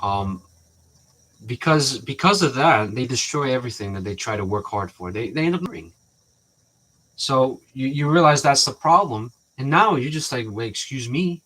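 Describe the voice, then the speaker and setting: A man's voice: medium pitch, animated, normal speed, bright, forceful tone. A man talking in a rambling, casual way to his viewers, often restarting sentences and acting out what people said to him. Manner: rambling, restarts often, acts out quoted exchanges. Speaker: vlogger.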